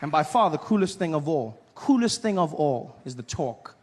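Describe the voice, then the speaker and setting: A South African man doing a stand-up comedy routine, telling stories with lively impressions. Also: fairly high pitch, normal speed, long reverb tail, a faint crowd, a little hiss or hum. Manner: animated storytelling with impressions.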